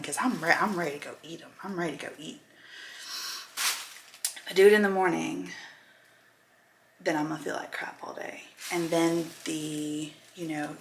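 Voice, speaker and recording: Candid woman with a gravelly voice. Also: lowish voice, a little hiss or hum, poor audio. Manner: earnest, confessional, emotional. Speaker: weight-loss vlogger. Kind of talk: candid personal vlog. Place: at home.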